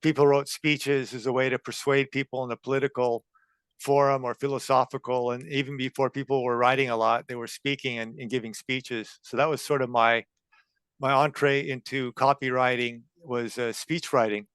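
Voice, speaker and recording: Man, fifties, from California, interview guest, measured, smooth, dry close sound. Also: mid-range voice, little pitch movement, fairly bright tone, no room sound. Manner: measured, with frequent uh fillers. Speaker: guest, copywriter. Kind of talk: interview answers.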